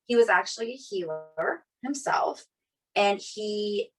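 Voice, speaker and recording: Over soft background music, a woman with a mid-range voice speaks slowly as she co-hosts a podcast. She comes from an Italian family and tells a personal story casually, playing out each person she quotes and leaning on "like" as a filler.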